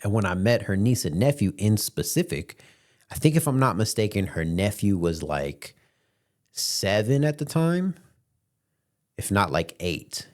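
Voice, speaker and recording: A man's voice: lowish voice, sing-song, unhurried, darkish tone. A man in his late twenties hosting a podcast, telling a story in a laid-back, slangy way with many fillers. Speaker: podcast host. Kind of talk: casual storytelling.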